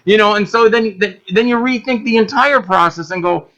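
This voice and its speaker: A man's voice: high-pitched, moderate pace, muffled recording. A man in casual chat, telling stories bluntly, swearing freely and acting out other people's voices. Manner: animated, acts out voices in his stories, laughs loudly. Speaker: guest.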